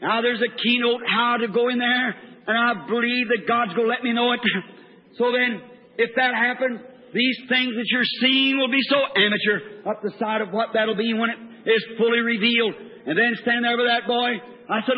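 A man preaches in a very high, urgent voice and tells stories with dramatic fervor. The sound is thin and tinny, like an old recording. A long hall echo trails after his words. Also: fairly even intonation, normal speed. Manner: fervent, dramatic, speeds up and cries out in retold prayers. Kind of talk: sermon with storytelling.

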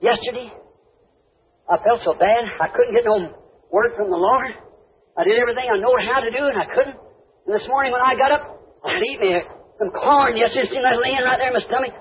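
A man preaches a sermon with a very high voice, folksy and fervent, breaking into high shouts. His speech is plain and rustic. The recording is thin and tinny like an old tape, with a faint hiss behind him. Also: brisk, long pauses.

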